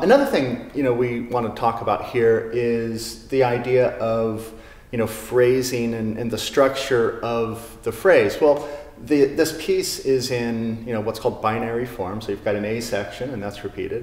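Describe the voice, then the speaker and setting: A man giving a casual guitar lesson in a showroom, talking in a relaxed way with many fillers. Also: mid-range voice, moderate pace, roomy sound, in a large hall. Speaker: guitar teacher. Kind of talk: casual spoken music lesson. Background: classical guitar playing.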